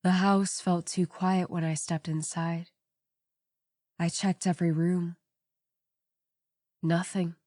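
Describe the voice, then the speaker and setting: Low, dark-voiced woman narrating horror. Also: little pitch movement, no echo. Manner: measured, somber storytelling. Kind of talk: scripted narration. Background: faint background music.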